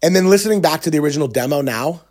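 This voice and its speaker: A middle-aged man, a songwriter and agent, telling a story in casual conversation, animated and quoting others with lots of fillers. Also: on the high side, rapid-fire.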